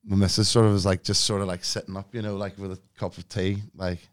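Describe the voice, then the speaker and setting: A man, a podcast guest, telling a story in casual chat, animated, acting out quoted lines and laughing as he goes. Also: deep voice, fast, smooth.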